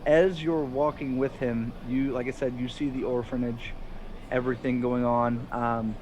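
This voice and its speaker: A man's voice: medium pitch, level tone, moderate pace, darkish tone, a little hiss or hum, low-quality recording. A man narrating a tabletop game as game master, rambling and correcting himself as he goes.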